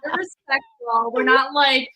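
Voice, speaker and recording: A woman's voice: high voice, moderate pace, pushed and bright. A woman speaking as a guest in a casual interview, bubbly and rambling.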